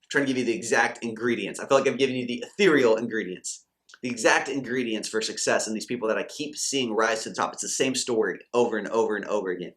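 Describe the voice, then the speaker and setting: A man's voice: on the low side, fast, a bit bright. A man giving a motivational faith talk to camera as a Christian coach and channel host, fired-up and preachy, acting out quoted doubters and believers.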